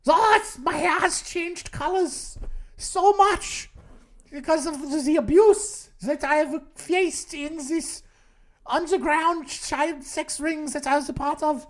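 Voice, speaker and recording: A man's voice: extremely high pitch, takes it slowly, a bit bright, pitched above the performer's own voice, heavily acted. A man putting on a whiny German-accented impostor son. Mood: pleading, melodramatic. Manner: whiny, melodramatic, overly formal. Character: young male impostor claiming to be a lost son, pleading.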